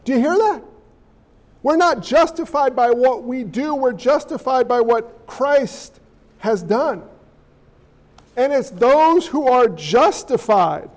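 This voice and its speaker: A male pastor with a strikingly high voice delivers an animated sermon. He peppers the congregation with rhetorical questions and drops in the odd joking aside along the way. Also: takes it slowly.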